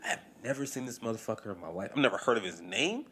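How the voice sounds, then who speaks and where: A man's voice: on the low side, very fast. A man co-hosting a podcast in casual, profane chat. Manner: animated, profane, mimics voices when quoting people. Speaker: podcast co-host.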